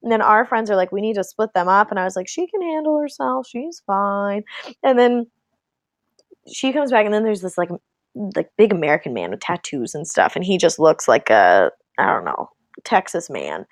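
Speaking at a moderate pace in a medium-pitched voice, a young woman relates a story to a friend, laughing a lot and quoting people by acting out their voices. The recording has no room sound.

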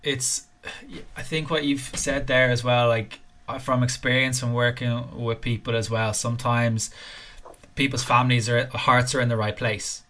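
A man's voice: medium pitch, little pitch movement, moderate pace, pushed and bright. A man hosting a fitness podcast, asking long, rambling questions in a casual chat. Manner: rambling, thinks aloud with fillers. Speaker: podcast host.

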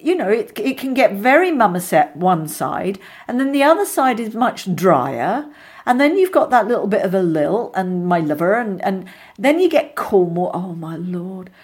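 A middle-aged woman, an actress being interviewed, telling lively anecdotes with many restarts and asides. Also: mid-range voice, moderate pace. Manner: chatty, animated storyteller with many restarts.

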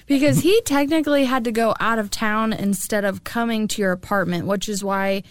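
A woman co-hosting a casual chat, quick with playful asides. Her pitch sits in a middle range. The sound is dry and close, with no room echo. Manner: chatty, playful interjections.

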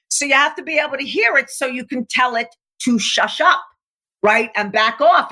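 This woman coach has a high voice and is talking with an interviewer. Animated and forceful, she performs the quotes in her anecdotes and drops her pace to drive home key points.

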